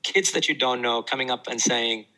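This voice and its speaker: A man, a maths teacher who tells stories in a relaxed interview and often restarts his sentences. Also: mid-range voice, normal speed, low-quality recording. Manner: animated anecdotes with many restarts. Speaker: maths teacher and tutoring YouTuber. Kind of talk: casual storytelling interview.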